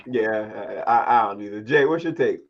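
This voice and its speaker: A man's voice: on the low side, normal speed, gravelly. A man hosting a casual sports talk panel, steering the talk and calling on each guest by name. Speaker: host. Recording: dull lo-fi audio.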